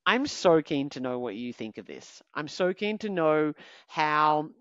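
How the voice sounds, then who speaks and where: A woman's voice: low voice, sing-song, a little slow, a bit bright, no echo, highs cut off. A woman hosting a confidence podcast, giving emphatic motivational coaching through numbered steps and recapping them.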